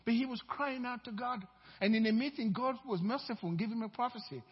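High-voiced husky male pastor preaching. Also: fast. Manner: emphatic, swinging between loud declarations and low asides. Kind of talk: sermon. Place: church sanctuary. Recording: dull, reverberant church hall recording.

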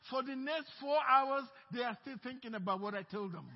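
A male pastor preaching an animated, emphatic sermon and calling out for amens. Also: extremely high pitch, brisk. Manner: animated, emphatic preaching with call-outs for amen. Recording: muffled recording with long hall reverb.

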